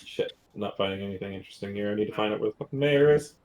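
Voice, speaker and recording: A man's voice: fairly low pitch, very fast, darkish tone, slight background noise, rough recording. A man playing a tabletop game, talking in a casual, joking way and swearing now and then. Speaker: player.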